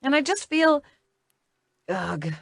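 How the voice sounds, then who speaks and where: A woman's voice: mid-range voice, lively intonation, a little slow, a bit bright, dry recording. Woman, audiobook narrator, first-person romance, wry, conversational, dry recording. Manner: wry, conversational inner monologue.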